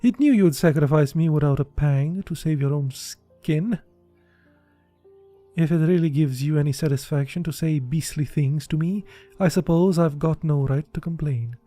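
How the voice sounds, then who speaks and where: A man's voice: on the high side, moderate pace, dark tone, faint music behind. A man reading a classic novel aloud in a casual way, putting feeling into the dialogue and sometimes breaking off to joke. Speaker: audiobook reader.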